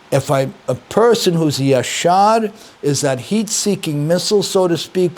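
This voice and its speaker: Animated older man teaching emphatically. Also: high-pitched. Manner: animated, emphatic, repeats key words, asks listeners questions. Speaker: rabbi and teacher. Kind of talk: conversational Torah lesson.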